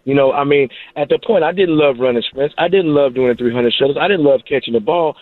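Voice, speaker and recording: A man's voice: medium pitch, fast, no echo. A man who is a former wide receiver and coach, calling in to a sports radio show and telling stories with emphatic energy. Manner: animated storytelling, emphatic. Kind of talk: casual sports radio chat. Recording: tinny phone line.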